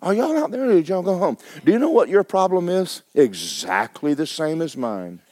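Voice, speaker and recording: A middle-aged man preaching a sermon as pastor, telling a personal story with stammering restarts and sudden swings between hushed and loud. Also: a little high, very animated, moderate pace, no echo.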